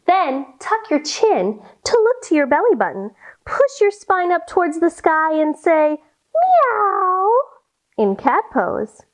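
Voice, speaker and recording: A woman's voice: high voice, very animated, a little slow. A woman guiding children through a yoga lesson in a playful, sing-song way, with animal sounds and a nursery rhyme. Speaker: kids yoga teacher. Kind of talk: guided kids yoga lesson.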